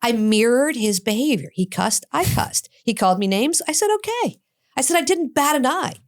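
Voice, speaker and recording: Middle-aged woman guest, slightly high voice, acts out every line of the story, swears a lot, blunt and lively. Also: moderate pace. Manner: animated storyteller acting out both sides of dialogue, frequent cursing. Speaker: addiction specialist guest. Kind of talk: storytelling in a podcast interview.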